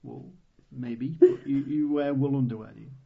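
Husky man bantering. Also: mid-range voice, moderate pace. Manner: dry, bantering. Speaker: player. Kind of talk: tabletop game banter. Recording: muffled lo-fi recording.

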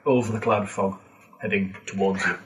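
A man's voice: on the low side, fairly even intonation, brisk, echoey room, far from the mic, a little hiss or hum. A man running a tabletop game as dungeon master, giving matter-of-fact rulings.

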